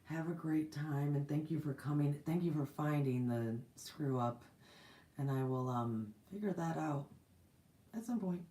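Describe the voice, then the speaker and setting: A woman's voice: low voice, a little slow, mellow, recorded from a distance. Bubbly woman host chatting in an echoey room. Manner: bubbly, giggly, rambling and effusive. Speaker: channel host giving spiritual messages. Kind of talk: casual livestream chat.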